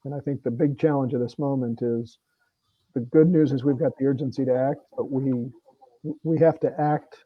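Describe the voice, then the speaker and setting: A man's voice: medium pitch, fairly even intonation, normal speed, narrow, tinny audio, slight background noise. A middle-aged man, a congressman, talking earnestly and plainly with frequent restarts at a virtual meeting. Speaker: congressman guest. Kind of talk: conversational talk at a virtual meeting.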